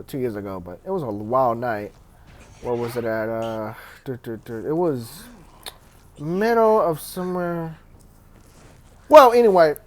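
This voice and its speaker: A young man casually telling a story time, rambling with lots of fillers, restarts and laughs. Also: medium pitch.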